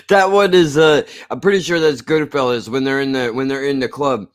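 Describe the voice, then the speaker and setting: A man's voice: mid-range voice, normal speed. A man with a New Jersey accent rambling and swearing freely while he co-hosts a casual film review chat. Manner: rambling, profane, laughs often. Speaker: film podcast co-host.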